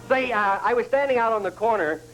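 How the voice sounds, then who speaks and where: A man's voice: high voice, fairly quick, fairly bright tone, soft background music. A man hosting a comedy show, telling a stand-up story and laughing at his own jokes, with voices for the characters. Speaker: comedian host. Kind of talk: stand-up monologue. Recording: noisy old broadcast recording. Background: audience laughter.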